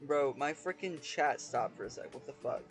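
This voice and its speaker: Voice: mid-range voice, moderate pace, faint music behind. A game streamer chatting casually, cracking jokes, swearing and reading game dialogue aloud. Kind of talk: casual let's-play commentary.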